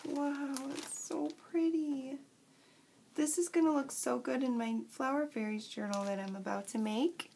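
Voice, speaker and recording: A woman vlogger chatting casually as she unboxes craft supplies, gushing and excitable. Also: a little high, a little fast, gravelly, few pauses, slight background noise.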